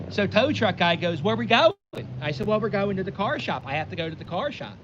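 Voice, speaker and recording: Wind and boat noise come through clearly as a Philadelphia vlogger, standing outdoors by the water, tells a rambling story and keeps interrupting himself. His voice is fairly high and very animated at a normal pace, and the lo-fi mic makes it sound dull.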